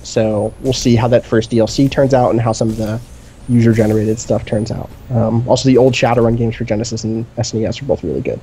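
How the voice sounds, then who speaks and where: A man chatting casually on a gaming stream with a mellow, warm tone, at an ordinary pitch. He rambles eagerly from one point to the next and fills his pauses with "um". A faint hum of noise sits under his voice. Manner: enthusiastic, rambling, many fillers. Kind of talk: casual chat. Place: indoor streaming setup.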